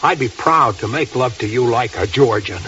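A brash young film director speaks wryly with a lively, swinging pitch. He plays it in 1940s radio comedy style. The old recording is dull with a faint hiss. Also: moderate pace.

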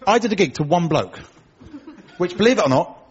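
A man performing a stand-up comedy set, telling dry one-liners in a deadpan way and acting out other people's lines. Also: high voice, a little fast, husky. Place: comedy club stage before a laughing audience. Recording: dull live recording with audience noise. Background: audience laughter.

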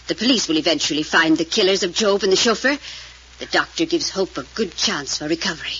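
A woman's voice: fairly low pitch, fairly quick, husky. A woman playing a stern elderly grandmother who heads a proud family, in 1940s radio acting. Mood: imperious. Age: older. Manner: imperious, flatly dismissive. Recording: dull old radio recording.

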